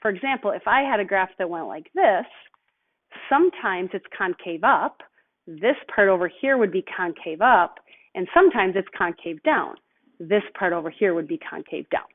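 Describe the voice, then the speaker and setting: A woman's voice: medium pitch, expressive. Female math teacher, patient step-by-step recorded lesson; narrow tinny audio. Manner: patient step-by-step explaining, slows on key terms.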